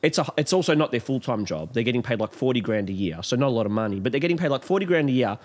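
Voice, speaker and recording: A man's voice: medium pitch, lively intonation, very fast, slight background noise. A man with an Australian accent, bantering casually and mockingly with a co-host, swearing freely. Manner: jokey, swears, mocks in put-on voices. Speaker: podcast co-host. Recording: roomy long reverb.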